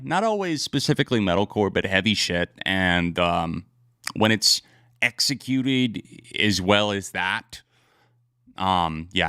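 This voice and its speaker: A man casually chatting and reacting to songs on a live stream, relaxed and rambling, laughing often. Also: deep voice, no room sound, studio quality.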